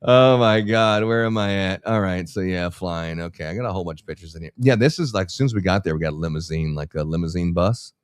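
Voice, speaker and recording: A man with a low voice, recorded dry and close. His casual podcast storytelling rambles along, full of slang and jokes at his own expense. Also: quick pace, few pauses, clear, resonant tone, dry recording. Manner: rambling, slangy, self-mocking. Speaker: podcast co-host.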